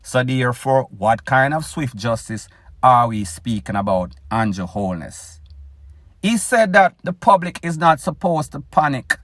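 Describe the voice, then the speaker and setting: Jamaican guy doing his own news blog, slow and deliberate, dry close mic. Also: medium pitch, animated, a bit bright, no room sound. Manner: opinionated, addresses listeners as "people". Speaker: news blogger host. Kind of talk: commentary on the news.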